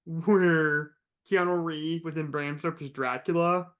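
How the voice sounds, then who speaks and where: A man's voice: on the high side, steady tone, measured pace, a bit bright, clear, resonant tone. A man co-hosting a casual film podcast, easygoing and joking. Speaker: podcast co-host.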